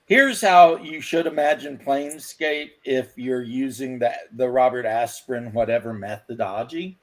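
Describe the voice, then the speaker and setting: A man's voice: mid-range voice, moderate pace. A man in casual chat, rambling and telling crude jokes, laughing at his own stories.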